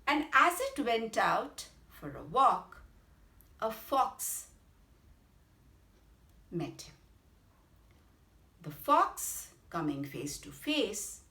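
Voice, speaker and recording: Slow, animated woman storyteller. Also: medium pitch. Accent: Indian English. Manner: animated, explanatory storyteller addressing children. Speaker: children's storyteller. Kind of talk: bedtime story narration. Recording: roomy echo.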